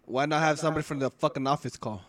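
A man's voice: a little high, racing, fairly bright tone. A young man co-hosting a podcast, talking in blunt, profane, casual banter. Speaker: podcast co-host. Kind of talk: casual chat.

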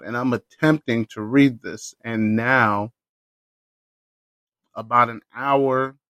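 Profane, animated man telling a story. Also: mid-range voice, no echo. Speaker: podcast host. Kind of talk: casual solo storytelling.

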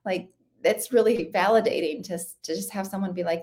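A woman's voice: medium pitch, fairly quick, darkish tone. A woman in her thirties talking casually as an interview guest, chatty and full of "like" fillers, often laughing as she talks. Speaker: interview guest, ultra runner.

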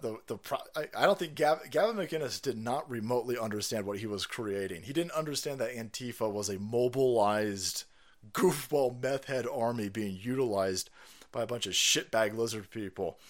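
Foul-mouthed excitable male stream host. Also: medium pitch. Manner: crude, excitable, swings loud and fast. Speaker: livestream host. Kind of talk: profane political rant stream.

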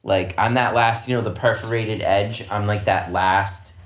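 Man, very deep voice, blunt podcast co-host, swears, echoey room. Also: steady tone, fairly bright tone. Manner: blunt, swears, chimes in with quick agreement. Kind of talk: casual chat. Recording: roomy echo.

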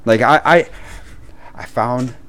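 A man with a Midwestern American accent, telling a long story as a podcast co-host in a casual chat, animated and full of swearing and laughs. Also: mid-range voice, slow pace. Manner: animated, profane ranting with frequent laughs.

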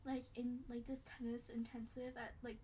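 A woman's voice: fairly high pitch, completely flat delivery, moderate pace, mellow, a little hiss or hum. A young American woman co-hosting a podcast, bantering playfully and teasing her friend in casual slang. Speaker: podcast co-host. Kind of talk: casual chat.

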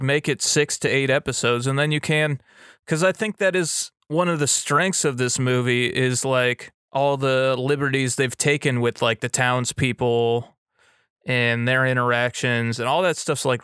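Smooth-voiced man, casual podcast host. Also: medium pitch, little pitch movement, fairly bright tone, no room sound, studio quality. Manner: thoughtful, measured, filler-heavy. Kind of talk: casual chat.

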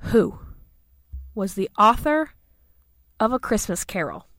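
A woman's voice: expressive, slow pace, a bit bright, dry recording, clean studio sound. A young woman co-hosting a casual podcast, playful and swearing, quizzing her friend. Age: young adult. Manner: playful, swears, bursts into high sing-song cheers. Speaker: podcast co-host. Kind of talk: casual chat, trivia quiz.

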